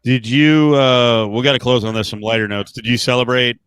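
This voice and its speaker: A man co-hosting a casual podcast, his voice smooth and resonant. He keeps things moving with brief questions and prompts, recorded dry and close with no room sound. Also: medium pitch, fairly even intonation, moderate pace, a bit bright, no room sound. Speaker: podcast co-host.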